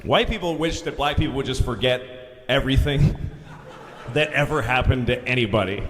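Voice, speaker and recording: A middle-aged man doing a stand-up comedy routine on a large theater stage, telling stories with lively voices and shouted punchlines. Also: medium pitch, normal speed, noisy background. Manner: animated storytelling, acting out voices, shouting punchlines. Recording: live hall recording with crowd laughter. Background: audience laughter.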